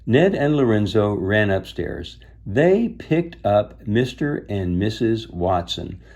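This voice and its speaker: A man's voice: on the low side, very animated, slow pace, creaky, a little mellow. A man reading a children's book aloud, stopping to chat and explain things to young listeners. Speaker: storybook reader.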